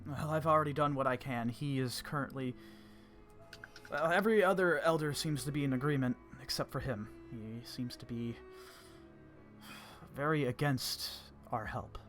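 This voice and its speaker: A man playing a calm measured commander. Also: mid-range voice, faint music behind, close to an everyday voice. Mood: earnest. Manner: measured, polite, reserved. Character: calm composed male human commander.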